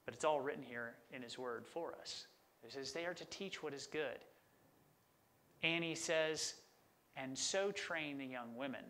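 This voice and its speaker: A man's voice: medium pitch, measured pace, bright, forceful tone. A middle-aged man preaching a sermon as a pastor, conversational and enthusiastic about word meanings.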